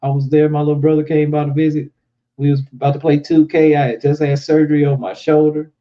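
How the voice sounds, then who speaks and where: A man chats casually as co-host, pitching his voice up and getting animated when he retells what others said. His voice sits a bit high for a man. The recording sounds muffled and lo-fi. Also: quick pace. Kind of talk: casual chat about current events. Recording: dull lo-fi sound.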